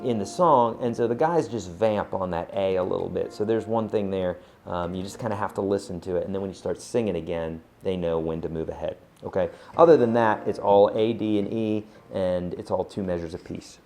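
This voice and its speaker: A man giving a casual acoustic guitar lesson, chatty and relaxed, counting beats aloud. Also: on the low side, creaky. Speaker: guitar teacher. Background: acoustic guitar playing.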